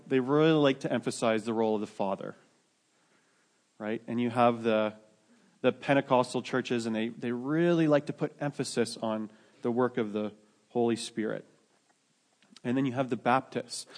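A man preaching a sermon to his church in a conversational way, often restarting his sentences and adding joking asides. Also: medium pitch. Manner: conversational, many restarts, self-deprecating asides. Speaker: pastor.

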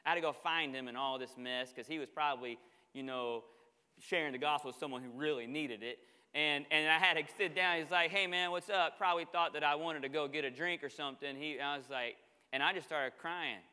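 A man preaching a sermon as pastor, telling stories in an animated way and acting out the dialogue. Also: a little high, fairly quick, smooth, in a large hall. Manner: animated storytelling, acts out dialogue. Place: church sanctuary.

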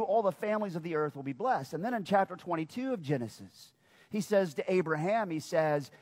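A man's voice: high voice, big-room sound. A man preaching a sermon, who calls out questions to his congregation and draws them in. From United States. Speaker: pastor.

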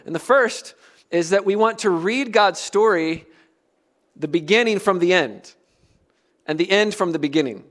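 A middle-aged man from the United States preaching a sermon, earnest and emphatic, with soft dropped asides. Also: high-pitched, lively intonation, moderate pace, long pauses. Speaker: pastor.

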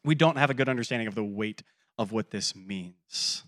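A pastor in his thirties preaches a sermon, telling stories and acting out the voices he quotes while swinging between loud and quiet. His voice is lowish and his speed normal.

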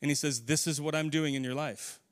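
A man preaching a sermon in a church, earnest, slowing and softening into prayer. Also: fairly high pitch, fairly even intonation. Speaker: pastor.

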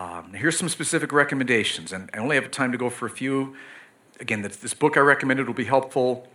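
Brief: middle-aged male pastor, sermon delivery, bright forceful tone, earnest and emphatic. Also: medium pitch. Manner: earnest, pleading, emphatic with sudden loud bursts.

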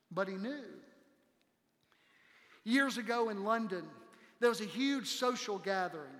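A male pastor preaching a sermon to his congregation, impassioned, dropping to hushed tones for quoted lines. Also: very high-pitched, expressive, measured pace. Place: church sanctuary. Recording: long hall reverb.

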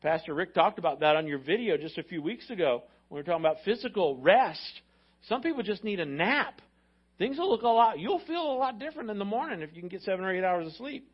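A male pastor preaching an energetic, repetitive sermon and acting out quotes. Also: high-pitched, fast, husky. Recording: slightly muffled recording.

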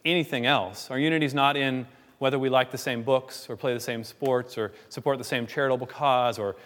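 A man's voice: medium pitch, fairly bright tone. A man preaching a sermon as pastor, earnest and pleading, often restarting and repeating words. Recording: long hall reverb.

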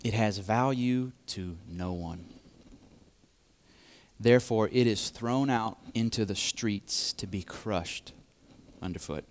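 A man preaching a sermon, speaking deliberately and repeating key phrases for emphasis. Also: on the low side.

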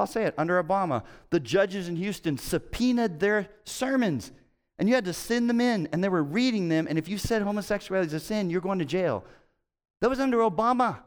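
A middle-aged pastor delivering a sermon in a fairly high voice for a man. He talks to his congregation conversationally, pushing hard on key words and then dropping to a hush. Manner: conversational, emphatic, swings between loud and quiet.

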